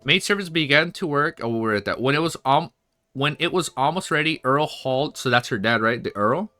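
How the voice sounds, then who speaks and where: A man streaming a read-along of a web novel, reading haltingly with restarts and breaking into excited casual asides. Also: mid-range voice. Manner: reads aloud haltingly, stumbling and restarting. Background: faint background music.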